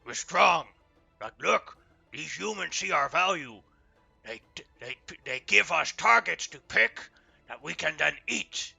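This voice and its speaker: A swaggering lizardfolk raider chief, as a man puts him on in a live tabletop game. He speaks in blunt, broken sentences with a cocky, dismissive edge. The voice is bright and edgy, with heavy gravel. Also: on the high side, lively intonation, measured pace, faint music behind, heavily acted. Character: brash boastful male lizardfolk raider leader. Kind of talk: live tabletop role-play.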